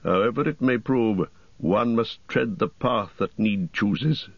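Guy reading a solemn old wizard, low voice, slow and weighty, dry dull audiobook sound. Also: slightly rough, no echo, exaggerated voice. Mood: grave. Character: old wizard, grave and commanding.

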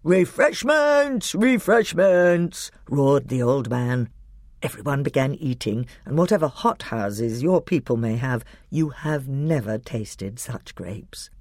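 An audiobook reader giving expressive, scripted storybook narration and breaking into put-on voices for the characters. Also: medium pitch, measured pace, hardly any pauses, dry recording, clean studio sound.

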